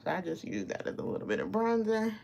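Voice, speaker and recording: A woman in her late forties or about fifty, chats to her live viewers while she does her makeup. Her pitch sits in a middle range, and her delivery is relaxed and talkative. She laughs often and turns emotional easily. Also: fast talker, vocal fry, muffled recording. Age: around 50. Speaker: beauty livestream host. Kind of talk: casual live makeup chat.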